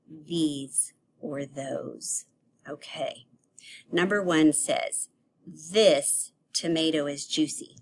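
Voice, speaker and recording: A woman teaching a children's grammar lesson on video, playful and animated, acting out example sentences. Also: low voice, slight background noise.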